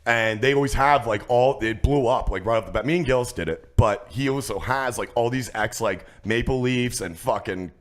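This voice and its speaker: Profane, animated man telling stories. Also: medium pitch, moderate pace, few pauses. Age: 30s. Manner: profane, animated storyteller acting out quotes. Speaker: comedian guest. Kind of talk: casual podcast storytelling.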